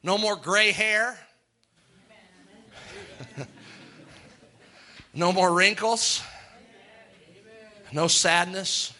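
A man preaching a sermon, chanting long lists in a slow rhythmic litany and chuckling between points. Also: sits high, pushed and bright.

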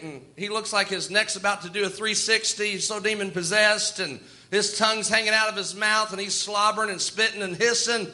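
High, bright-voiced man preaching. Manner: folksy, storytelling, chuckles often. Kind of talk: sermon.

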